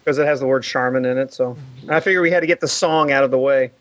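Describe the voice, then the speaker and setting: A man co-hosting a podcast in casual chat, jokey and deadpan. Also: mid-range voice, quick pace, noisy background. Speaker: podcast co-host. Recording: dull, dry sound.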